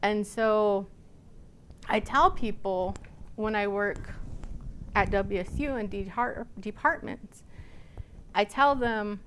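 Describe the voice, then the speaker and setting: A woman's voice: medium pitch, takes it slowly, pauses often, a bit bright, slight background noise. A woman from Nebraska giving a lecture as a college student services coordinator. She tells personal stories in a conversational way, with frequent fillers. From Nebraska, United States. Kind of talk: storytelling lecture.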